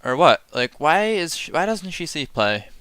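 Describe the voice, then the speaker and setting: A man's voice: on the high side, sing-song, moderate pace, a bit bright, no echo. A man giving casual live-stream commentary on a card game set, chatty and sarcastic, often laughing and working himself up into mock rants.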